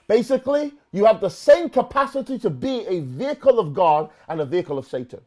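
Preaching in London English, this male pastor speaks briskly with a sing-song lilt, a darkish tone, and few pauses. His delivery is dramatic: he voices the people he quotes with big shifts in pitch and loudness, frequently repeating words.

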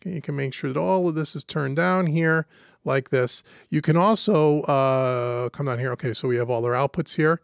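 A man with a fairly high voice walks through a software tutorial step by step, in a relaxed, conversational way. His voice is close and dry, with no room sound around it. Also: moderate pace, vocal fry, dry recording. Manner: casual, step-by-step walkthrough. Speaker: host and instructor. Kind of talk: screen-recorded software tutorial.

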